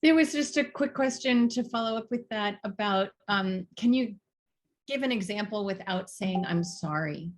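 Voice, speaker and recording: A woman moderating a workshop on a video call, reading out audience questions with frequent pauses and fillers. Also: mid-range voice, animated. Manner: hesitant, many "um"s, laughs lightly. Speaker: session moderator.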